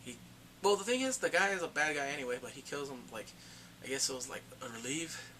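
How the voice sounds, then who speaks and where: A man giving a casual spoken movie review, retelling the plot excitedly and acting out the characters' lines. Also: a little high, fast talker, a little hiss or hum.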